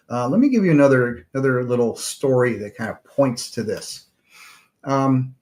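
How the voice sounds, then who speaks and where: A middle-aged man hosts his own show and talks through meditation in a calm, searching way. He circles back on his words, with frequent fillers and restarts. His voice sits at an ordinary middle pitch. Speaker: podcast host and therapist. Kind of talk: reflective solo talk on meditation.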